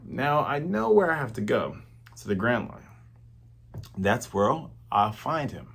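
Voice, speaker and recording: A man voicing a stoic, determined young male swordsman who speaks low and quietly. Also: very animated, a little slow, gravelly, breathy edge, exaggerated voice. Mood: resolute.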